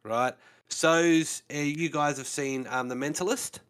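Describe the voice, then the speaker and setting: A man's voice: on the high side, a little slow, a bit bright, clear, resonant tone. A man co-hosting a casual podcast chat, explaining things at length and leaning on fillers like "you know". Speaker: co-host.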